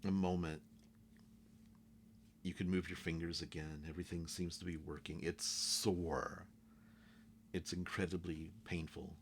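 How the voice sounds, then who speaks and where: A man with a very deep voice runs a tabletop game as game master. He narrates slowly and haltingly, pausing often to find his words, with a faint hum behind him. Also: little pitch movement. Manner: halting, with many pauses and ums.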